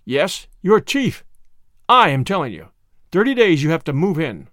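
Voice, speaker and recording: A man reading the lines of a stern army general giving sharp orders. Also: high voice, very animated, moderate pace, dry recording, studio quality. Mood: commanding. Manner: sharp, commanding.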